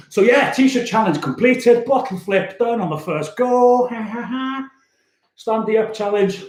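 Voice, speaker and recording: A man's voice: high voice, takes it slowly, darkish tone, roomy sound. A man, a youth worker chatting casually and cheerfully on a livestream, laughing often. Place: room at home.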